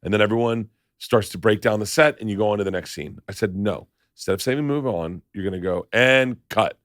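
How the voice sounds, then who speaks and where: A man's voice: lowish voice, brisk, no echo, clean studio sound. A middle-aged man hosting a podcast, telling stories in casual chat and acting out the voices of the people he quotes. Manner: animated, acts out quoted voices. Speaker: podcast host.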